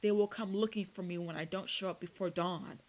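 A woman's voice: on the low side, fairly even intonation, brisk, a little mellow, close to an everyday voice. A woman voicing a captured male vampire who screams, snarls and wheezes under torture. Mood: wheezing threat. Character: captured male vampire, defiant then terrified.

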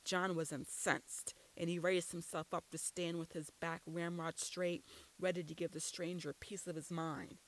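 A woman's voice: on the low side, moderate pace, rough recording. Woman narrating a first-person story. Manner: steady storytelling with quoted dialogue.

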